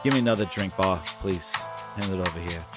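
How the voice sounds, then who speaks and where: A man voicing a drunk, self-pitying male company boss ordering drinks at a bar, mumbling low and slow. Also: over loud music, close to an everyday voice. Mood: boozy.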